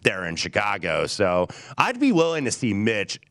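Low-voiced, measured male sports analyst. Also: wildly swooping pitch, fairly bright tone, dry recording, studio quality. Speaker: sports betting show co-host.

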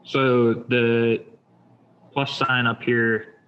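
A man walking someone through his shop's job software in a relaxed, step-by-step way with many fillers. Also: mid-range voice, drawn-out words, muffled recording, slight background noise. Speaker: shop owner demonstrating software. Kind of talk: casual screen-share demo.

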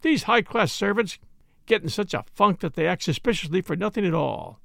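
A man voicing a gruff, self-assured police inspector who talks bluntly and dismissively in an audiobook. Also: sits high, lively intonation, a little fast, sharp tone, no room sound, clean studio sound, voice pushed up, exaggerated voice.

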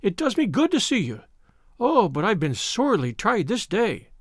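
A man voicing a frightened, hysterical old female housekeeper in an audiobook, high and pleading. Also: big pitch swings, normal speed, dry recording, studio quality. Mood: distressed.

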